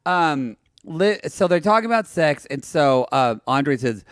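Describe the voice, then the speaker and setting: A man co-hosting a casual podcast, recapping reality TV with gossipy, animated storytelling. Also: on the high side, a little slow, no echo, clean studio sound. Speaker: podcast co-host.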